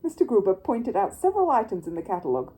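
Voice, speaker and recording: Expressive woman reading a children's story. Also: mid-range voice, fast, poor audio. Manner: expressive, lively narration.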